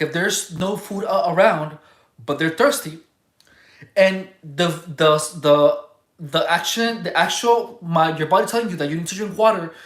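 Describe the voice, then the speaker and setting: Rambling livestream host in an echoey room. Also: mid-range voice. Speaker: livestream host reading viewer chat. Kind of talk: casual livestream talk.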